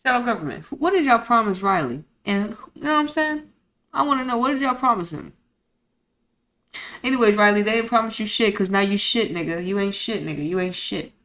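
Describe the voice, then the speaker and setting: A woman's voice: medium pitch, expressive, fairly quick, fairly bright tone. A woman streamer in a mid-range voice reads from a document, then cuts in with outspoken, profane commentary. She peppers her takes with slang and pointed rhetorical questions, and her indignation runs all through it. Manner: blunt, profane and indignant, breaking into heated rants. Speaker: streamer host. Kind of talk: reading a report aloud with live commentary.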